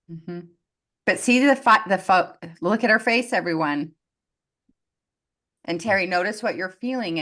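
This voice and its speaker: Low-voiced, animated woman coach. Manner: animated, acts out quoted voices. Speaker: success coach. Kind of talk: live group coaching call.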